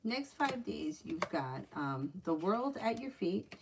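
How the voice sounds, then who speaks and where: A woman's voice: fairly low pitch, big pitch swings, slow, creaky, background noise. A woman running a live-stream tarot reading, chatty and blunt, swearing freely when something annoys her. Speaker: tarot reader.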